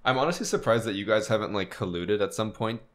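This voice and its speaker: A man's voice: on the low side, lively intonation, fast, a bit bright. A young man co-hosting a podcast in casual chat, telling gaming stories with quoted voices and frequent laughter. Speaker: podcast co-host and streamer.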